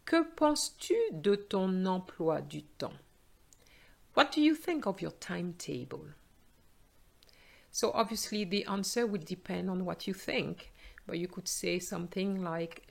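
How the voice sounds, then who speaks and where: A French woman teaching a language lesson, modelling phrases, translating them, and announcing each question number clearly. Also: fairly low pitch. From France. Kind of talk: slow explanatory language lesson.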